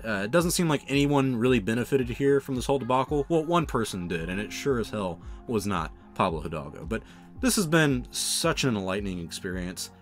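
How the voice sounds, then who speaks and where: Young man ranting on his channel. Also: mid-range voice. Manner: exasperated, ranting, with sarcastic asides. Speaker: channel host. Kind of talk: opinion commentary vlog.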